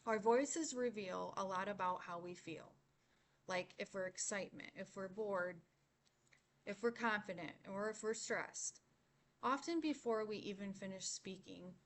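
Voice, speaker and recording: Slow, measured young woman presenting. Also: mid-range voice, slight background noise. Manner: measured, explanatory, slows on key words. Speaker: student presenter. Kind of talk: class presentation.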